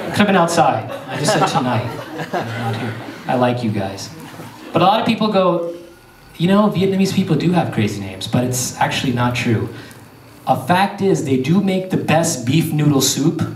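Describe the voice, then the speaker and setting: Animated stand-up comic man, echoey theater. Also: mid-range voice, a little slow, long pauses, far from the mic, background noise. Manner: animated storytelling, crowd work. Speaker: stand-up comedian. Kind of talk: stand-up comedy set. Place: theater stage before a live audience. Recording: echoey theater heard from afar. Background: audience laughter.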